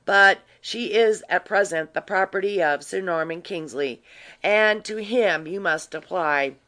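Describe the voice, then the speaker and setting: A reader voicing a grave, quietly sly gentleman in an audiobook, speaking in a dry, measured way. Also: mid-range voice. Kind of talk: audiobook reading.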